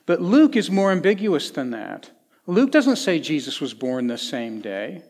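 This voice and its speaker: A middle-aged man from Tennessee, preaching a sermon in a conversational storytelling way with folksy asides, swinging between lively and hushed. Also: on the high side, measured pace. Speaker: pastor. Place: church sanctuary. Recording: long church hall reverb.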